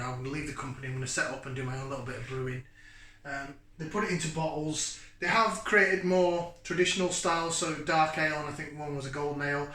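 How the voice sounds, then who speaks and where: Casual host thinking aloud with fillers; sharp, forceful tone, recorded off-mic. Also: male voice, on the high side. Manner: rambling and chatty, thinking aloud with many fillers. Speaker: beer reviewer and channel host. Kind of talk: casual beer review to camera. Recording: echoey room, mic at a distance.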